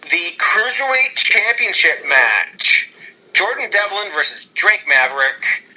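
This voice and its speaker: Brief: man, casual podcast co-host, rambling, eager, very bright and fairly high voice. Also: slow pace, poor audio. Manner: excitable and rambling, with frequent restarts. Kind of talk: casual podcast chat pitching storylines.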